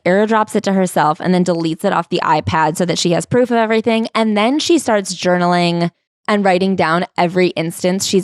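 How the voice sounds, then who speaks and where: A woman's voice: lowish voice, dry recording. A woman co-hosting a comedy podcast, chiming in with sarcastic, wry commentary on the story. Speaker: podcast co-host. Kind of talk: comedic book-club banter.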